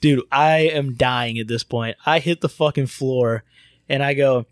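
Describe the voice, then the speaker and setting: A young man tells a story in casual chat, cursing freely and breaking into loud laughter. His voice sits at a middle pitch. It sounds close and dry, with no room around it. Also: a little slow, no room sound. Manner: profane, laughs loudly, animated storyteller.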